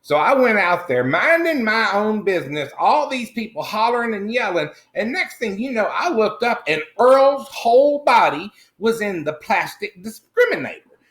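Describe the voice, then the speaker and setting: A man's voice: high voice, a bit bright. A man playing a middle-aged country man, telling a meandering, folksy comic story full of crude asides. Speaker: comedy character host. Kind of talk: improvised comic monologue. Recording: roomy echo.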